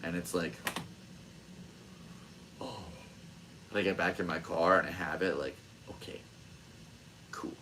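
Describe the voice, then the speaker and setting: A man with a low voice speaks at a measured pace with long pauses, a noisy background behind him. He hosts a podcast and tells a story in casual chat, animated, swearing freely, and acting out the voices of those involved.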